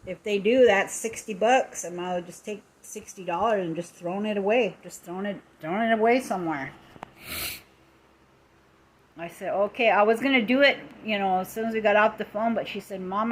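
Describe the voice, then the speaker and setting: A middle-aged woman talks on a live stream, retelling a grievance with heated emphasis and lots of repetition. Her pitch sits in an ordinary middle range. A faint hiss of background noise sits under her voice. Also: normal speed, low-quality recording. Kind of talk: casual live-stream storytelling.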